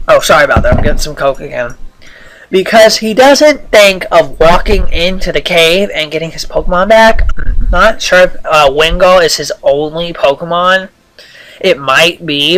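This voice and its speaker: A man giving casual, rambling commentary over a video game, talking loosely with lots of pauses and restarts. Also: fairly high pitch, a bit bright, low-quality recording. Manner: rambling, many fillers and restarts. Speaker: gameplay commentator.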